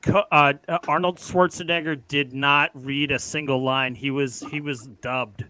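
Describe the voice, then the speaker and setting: A man's voice: medium pitch, fairly even intonation, unhurried, bright, forceful tone. A man co-hosting a fan show and playing trivia, offhand and wry. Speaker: trivia contestant and co-host. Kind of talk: casual fan-show banter.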